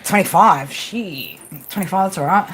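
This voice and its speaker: A woman's voice: mid-range voice, normal speed, a bit bright, slight background noise. A woman tarot reader hosting a casual live stream from home, chatty and swearing freely as she talks to viewers and her pets by name.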